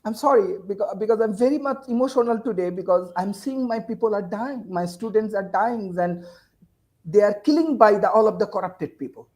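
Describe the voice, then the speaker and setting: Her mid-range, slightly mellow voice moves briskly as this Bangladeshi university teacher speaks urgently and emotionally on a panel. She repeats phrases and asks rhetorical questions. The video-call audio is low quality.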